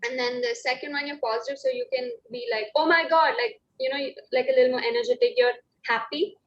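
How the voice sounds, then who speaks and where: A woman's voice: high-pitched, fairly even intonation, fast talker. A woman, an acting student giving hesitant feedback with many fillers. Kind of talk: class feedback. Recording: lo-fi call audio.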